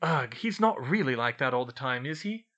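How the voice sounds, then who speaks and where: A man's voice: mid-range voice, expressive, normal speed, sharp tone, highs cut off. A man reading a story voices a curious, mildly doubtful adult mother. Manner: wondering, doubtful.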